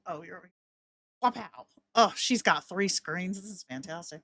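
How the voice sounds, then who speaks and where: A woman walking through a voice software tool in a casual, chatty way, with joking asides to herself. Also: lowish voice, a little slow, no echo, clean studio sound. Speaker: content creator.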